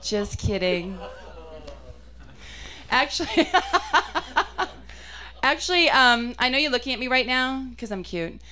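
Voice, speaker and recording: A young woman performing a stand-up comedy set, chatty and self-mocking, with punchy delivery and quick asides. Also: high voice, animated, sharp tone.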